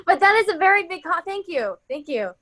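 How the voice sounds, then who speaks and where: A woman's voice: very high voice, big pitch swings, fairly quick, a bit bright. A woman, an actress, chatting casually in an interview, modest and self-deprecating. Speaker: actress guest.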